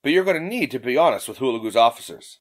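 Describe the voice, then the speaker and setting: A man's voice: medium pitch, animated, fast, close to an everyday voice. A man voicing a brash, swearing young woman adventurer in an audiobook. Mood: urging. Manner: blunt, swearing, impatient.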